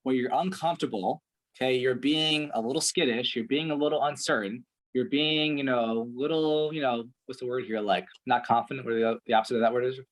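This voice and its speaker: In a brisk, mid-range voice, a man works as a performance coach in a blunt one-on-one session. He keeps checking in with "right?" while staying direct and profane with his client.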